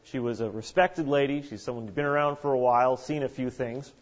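A man preaching a sermon in an animated way, acting out the voices of the people he quotes. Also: medium pitch, brisk. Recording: dull lo-fi recording.

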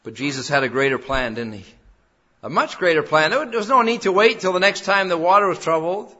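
A man's voice: on the high side, animated, fairly quick, pushed and bright. A man preaching a sermon in an earnest way that rises to emphatic peaks. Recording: dull lo-fi sound.

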